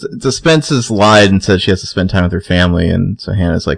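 Deep gravelly man, wry recap. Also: fast, dry recording. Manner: wry, laid-back storytelling. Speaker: podcast co-host recapping a TV episode. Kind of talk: casual chat.

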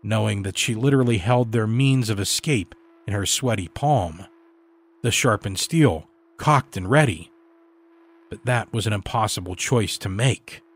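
Husky low-voiced male horror narrator. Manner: measured, dramatic storytelling delivery. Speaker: story narrator.

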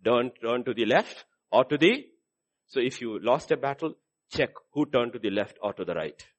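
A man preaching a sermon in an emphatic, repetitive style, moving from loud exhortation to low, intense delivery. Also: very animated, moderate pace.

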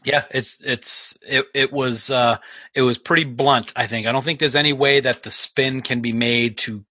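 A man co-hosting a fan podcast in casual chat, halting and restarting often, with dry asides. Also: medium pitch, steady tone, pushed and bright, no echo. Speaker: podcast co-host.

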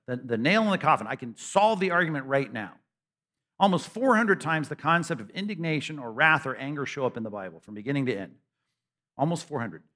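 Bright-voiced man preaching a sermon. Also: mid-range voice. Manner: conversational preaching with rhetorical questions and humor; repeats phrases for emphasis, rising to loud peaks. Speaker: pastor.

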